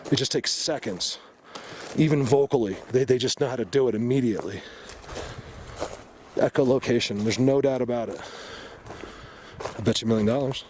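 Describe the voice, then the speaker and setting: A man's voice: mid-range voice, a little mellow, slight background noise. A man vlogging outdoors in the woods, talking to the camera in an emotional, rambling way with frequent restarts. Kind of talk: excited hiking vlog to camera.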